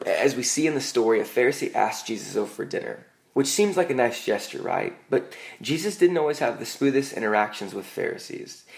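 A young man preaches to a congregation with an easy, chatty delivery. His pitch sits in the middle of the male range, and he moves between scripture and self-deprecating stories, often restarting his sentences. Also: creaky. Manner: conversational, self-deprecating storytelling with frequent "like" and restarts. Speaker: pastor. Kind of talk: sermon.

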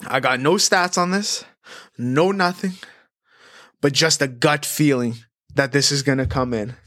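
A man hosting a sports betting podcast in a chatty, animated way, rattling off stats and odds. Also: mid-range voice, measured pace, no echo, clean studio sound. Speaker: host.

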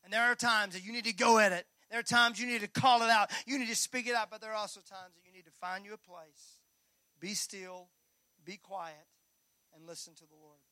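A man preaching a sermon as pastor, swinging between loud calls and hushed near-whispers, with folksy asides to the congregation. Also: high voice, brisk, dry recording, studio quality.

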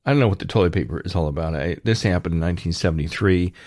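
A man's voice: low voice, very fast, a little mellow, no room sound, studio quality. A man hosting his own channel, talking in a rambling monologue with sarcastic jokes and frequent restarts. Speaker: channel host.

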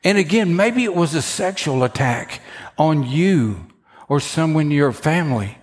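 A man preaching a sermon, telling a story with lively asides, acting out the voices of the people in it, and often repeating words as he starts a sentence. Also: a little high, a little slow. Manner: animated storytelling, acts out quoted voices. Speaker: pastor.

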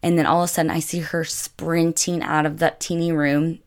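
A young woman with a notably low-pitched voice recounts a travel mishap for her vlog. She talks casually and chattily, leaning on "like" in nearly every sentence. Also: flat delivery, moderate pace. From United States. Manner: chatty, filler-heavy with constant "like". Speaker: vlogger. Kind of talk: casual storytelling.

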